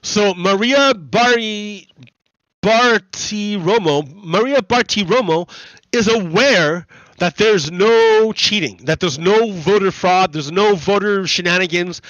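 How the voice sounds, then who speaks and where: Man, gaming host, casual commentary, repetitive halting explanation, slightly high voice, dry close sound. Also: a bit bright, no echo, muffled recording. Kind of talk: casual commentary over gameplay.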